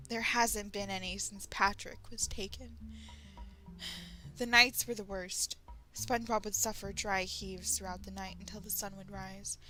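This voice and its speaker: A woman from Texas reads a dark fan story aloud for her channel, animated and quick to break in with her own reactions. Her voice is bright and clear-edged. Faint music plays underneath. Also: medium pitch, low-quality recording. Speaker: story reader, channel host. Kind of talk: reading fan fiction aloud with comments.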